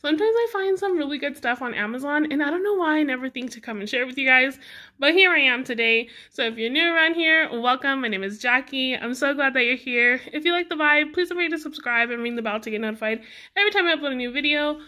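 A young woman with a high, light voice chatting directly to her viewers about nail products she bought. She talks in a casual, rambling way and giggles often. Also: quick pace, bright, forceful tone. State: out of breath. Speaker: beauty vlogger. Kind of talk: casual product haul chat.

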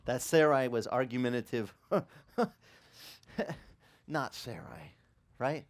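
A middle-aged male pastor delivers a sermon with lively, swinging pitch. He acts out the quotes and breaks into laughter as he tells the story. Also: takes it slowly.

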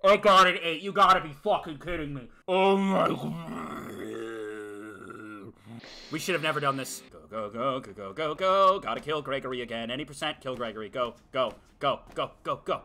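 A man streaming a video game, giving frantic, excitable commentary as he yells, laughs and swears. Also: on the high side, normal speed. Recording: game music playing clearly behind.

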